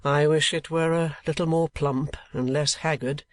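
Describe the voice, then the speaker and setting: A man's voice: a little high, steady tone, moderate pace, dry recording, close to an everyday voice. A man doing a hesitant, reserved young man.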